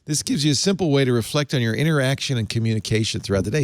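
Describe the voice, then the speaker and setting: A man's voice: mid-range voice, rapid-fire, no room sound, clean studio sound. A man hosting a tech talk show, reading press text aloud and mocking it with wry asides. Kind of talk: casual panel chat.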